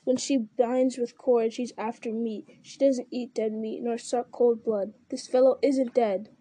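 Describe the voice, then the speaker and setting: A growling male orc captain, gruff and commanding, as a woman narrator puts him on. The voice is very dark and mellow, pitched a little high, and the recording is close and dry. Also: fairly even intonation, unhurried, dry recording. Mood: scornful.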